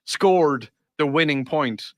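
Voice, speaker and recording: A man's voice: a little high, slow, a bit bright, no room sound, studio quality. A man co-hosting a casual chat, playfully teasing the others. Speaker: co-host.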